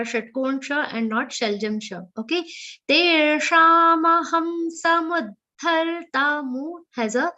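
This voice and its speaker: A woman with an Indian English accent teaching verse pronunciation in an online class, chanting lines slowly and then explaining them. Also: fairly high pitch, fairly bright tone, dull audio. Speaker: recitation teacher. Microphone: video call.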